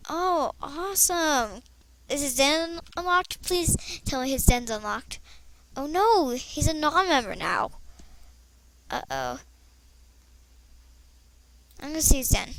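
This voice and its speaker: A young girl chatting to herself as she plays an online game, excitable and rambling. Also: high voice, unhurried, long pauses. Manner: chatty, excitable, talks to herself while playing. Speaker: gameplay vlogger. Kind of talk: casual commentary over online game play.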